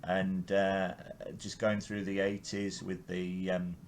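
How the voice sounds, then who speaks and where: A man's voice: sits low, monotone, slow pace, a little hiss or hum. An older man from England hosting a podcast interview, chatting enthusiastically with frequent restarts. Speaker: podcast host. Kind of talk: casual interview chat.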